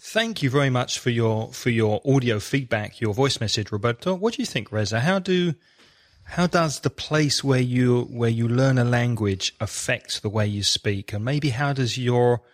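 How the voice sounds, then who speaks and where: Measured male podcast co-host, dry sound. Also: medium pitch, dry recording. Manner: friendly, measured, clearly enunciated. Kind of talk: conversational podcast chat.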